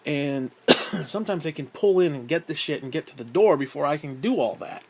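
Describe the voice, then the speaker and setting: A man rambles through a story in a casual monologue, swearing freely and mocking himself. He sounds fed up, often sighs between thoughts, and his voice sits slightly high for a man. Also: lively intonation, fairly quick, vocal fry, breathy edge. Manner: profane, exasperated and self-mocking, with frequent sighs. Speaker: vlogger.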